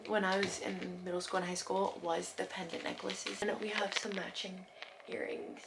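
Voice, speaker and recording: A woman's voice: mid-range voice, creaky. Gushing young woman unboxing gifts. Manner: gushing, excitable, drops to soft whispers. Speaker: vlogger. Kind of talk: casual unboxing vlog. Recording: noticeable background noise.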